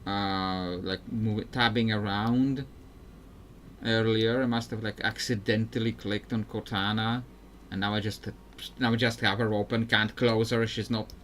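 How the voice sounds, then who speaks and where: A man's voice: lowish voice, fairly even intonation, measured pace, fairly bright tone, slight background noise. A man giving casual, rambling commentary while playing a video game, often restarting sentences and chuckling. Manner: rambling, self-interrupting, chuckling. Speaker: gameplay streamer.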